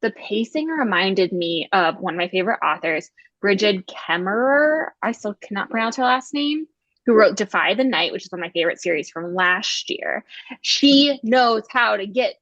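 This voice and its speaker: A woman's voice: mid-range voice, lively intonation, fairly bright tone, no room sound, lo-fi sound. Gushing enthusiastic woman podcast co-host. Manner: gushing, emphatic, fast bursts of enthusiasm. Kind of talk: casual chat about books.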